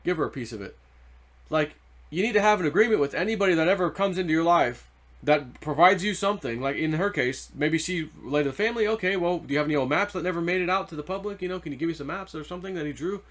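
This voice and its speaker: A man's voice: on the high side, quick pace, a bit bright. Rambling man telling a treasure story. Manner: rambling, loose, full of "like" and "you know". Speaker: treasure-hunting video host. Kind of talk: casual storytelling monologue.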